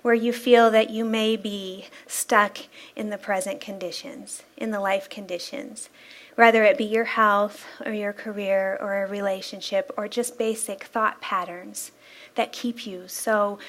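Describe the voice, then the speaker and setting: A woman, a spiritual practitioner, giving an inspirational sermon-style talk in a church, telling stories in a lively, playful way and laughing often. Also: medium pitch, unhurried. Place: church sanctuary.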